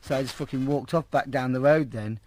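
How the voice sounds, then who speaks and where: Fast-talking man, profane storyteller. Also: mid-range voice, a little mellow. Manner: rambling, heavily profane, acts out quoted voices. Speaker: interviewee. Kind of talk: casual spoken storytelling.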